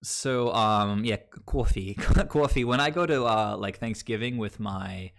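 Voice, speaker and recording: A man's voice: lowish voice, a little slow, vocal fry, a bit bright. A man from Long Island, New York, chatting casually with his live viewers as a streamer, rambling and filling gaps with um and like. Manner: rambling, heavy on fillers like um and like.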